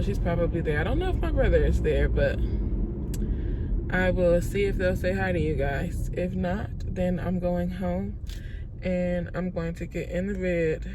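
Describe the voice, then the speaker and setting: A woman, chatting casually to her vlog camera from a car and turning tearful with awe. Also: lowish voice. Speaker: vlogger. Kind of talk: casual vlog talk while driving. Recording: loud street and car noise, distant mic.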